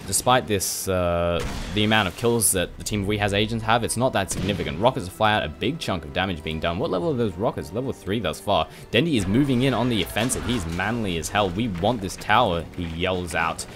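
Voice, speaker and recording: A low-voiced man rattles off quick play-by-play game commentary over a headset. Music plays clearly behind him, and his delivery is chatty and loose, with casual swearing. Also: animated. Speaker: esports caster.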